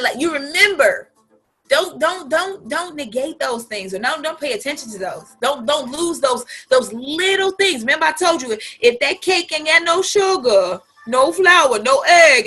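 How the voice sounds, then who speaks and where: A woman in her forties giving a motivational talk to her team as a business coach, animated and colloquial, with laughing asides. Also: high-pitched.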